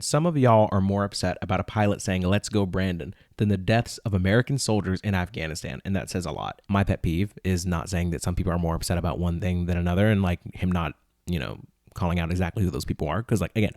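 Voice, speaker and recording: A man's voice: sits low, a little mellow, no echo, studio quality. A young man hosting a podcast, reading tweets aloud and ranting about them in an incredulous, casual way, sometimes putting on mock voices. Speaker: podcast host.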